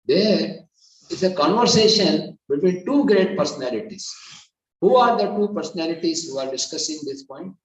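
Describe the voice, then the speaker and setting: A man giving an earnest devotional lecture, rising to emphatic loud peaks. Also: fairly high pitch, lively intonation, moderate pace, far from the mic, lo-fi sound. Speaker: preacher. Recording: echoey hall, voice from off-mic.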